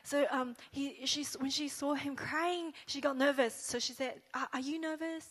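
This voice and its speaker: A woman interpreting a sermon into English line by line, halting, with many fillers and self-corrections. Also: high voice, fairly bright tone.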